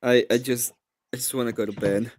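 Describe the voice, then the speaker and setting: A man's voice: mid-range voice, fairly even intonation, brisk, darkish tone. A man chatting casually on a stream, speaking hesitantly and often trailing off. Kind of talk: casual chat.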